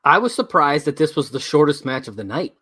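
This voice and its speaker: Man, casual podcast chat, short agreeing replies, lively pitch, slightly raised voice. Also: fairly quick, breathy edge. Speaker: podcast co-host.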